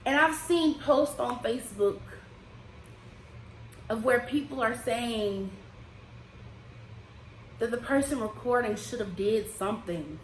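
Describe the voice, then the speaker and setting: Impassioned high-voiced woman vlogger. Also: slow pace, long pauses, roomy sound, a little hiss or hum. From United States. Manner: emotional, rising and falling with feeling, Southern-tinged casual speech. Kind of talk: impassioned personal vlog. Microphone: desk microphone.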